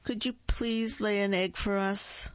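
Storybook young chicken, polite and eager, read by a woman; slow, dull lo-fi sound. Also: mid-range voice, little pitch movement, dry recording, pitched above the performer's own voice, lightly acted. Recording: dull lo-fi dry recording.

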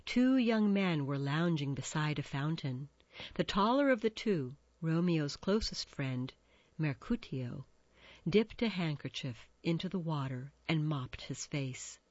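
Woman storyteller, low-ish voice, slow and lively in pitch, dull dry recording. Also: no room sound. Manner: expressive, measured. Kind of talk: storybook narration.

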